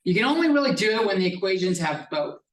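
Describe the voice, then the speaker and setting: Casual high-voiced man lecturing in a classroom. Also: very animated, fast talker. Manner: casual and profane, explaining step by step. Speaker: math professor. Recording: echoey classroom from a distance.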